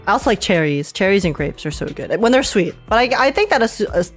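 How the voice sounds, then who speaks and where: A woman's voice: medium pitch, very animated, fast, faint music behind. A woman hosting a casual live-stream podcast, chatty and scatterbrained, laughing often as she talks. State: tired after oversleeping. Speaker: streamer host.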